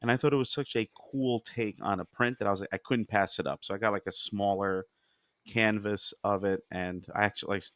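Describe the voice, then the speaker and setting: A man's voice: lowish voice, steady tone, fairly quick, a bit bright, no room sound, studio quality. A man co-hosting a podcast, chatting in a rambling, self-amused way with many fillers. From United States. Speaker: podcast co-host. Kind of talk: casual chat.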